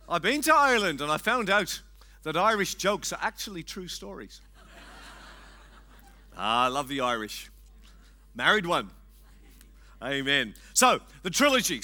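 A man preaching a sermon in a conversational, gently humorous way with frequent fillers. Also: on the high side, big pitch swings, measured pace. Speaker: pastor.

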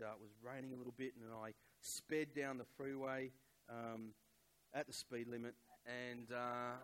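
A middle-aged man preaches a sermon, sharing a personal story in a halting, conversational manner full of fillers. His voice is medium-pitched and slightly bright, and the recording quality is low.

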